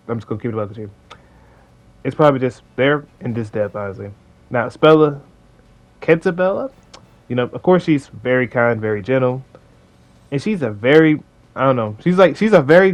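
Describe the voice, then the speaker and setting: A young man hosting a casual commentary video, rambling with slang and lots of fillers. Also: medium pitch. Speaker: video host.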